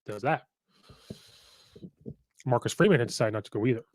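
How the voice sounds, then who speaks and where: Male sports-talk host, mid-pitched, opinionated, dry close sound. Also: normal speed, a little mellow, no room sound, rough recording. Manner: chatty, opinionated, acts out quotes. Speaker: host and football commentator. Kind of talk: casual sports commentary.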